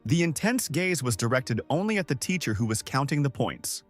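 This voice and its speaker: A man's voice: mid-range voice, very animated, moderate pace, soft background music. A man narrating a comic story recap in a scripted storytelling style.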